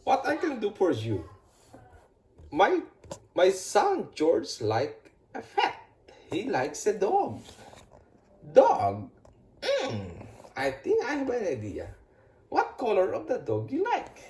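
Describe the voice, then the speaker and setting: A woman voicing a friendly male pet shop owner in a toy play story, in a lowered, helpful tone. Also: wildly swooping pitch, slow pace, pauses often, darkish tone, roomy sound.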